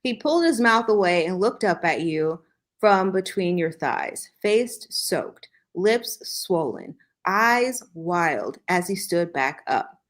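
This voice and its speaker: Woman podcast host, slow and low-pitched, reads dramatically with dry comic asides. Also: lively intonation. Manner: dry reading broken by joking asides and laughs. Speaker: podcast host reading fan fiction aloud. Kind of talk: comedic dramatic reading with asides.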